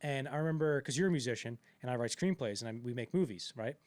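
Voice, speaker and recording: A man's voice: mid-range voice, fast, darkish tone, dry recording. A man co-hosting a casual podcast about a film, rambling with lots of fillers and restarts. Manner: rambling, many fillers and restarts, acts out quotes. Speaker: podcast co-host.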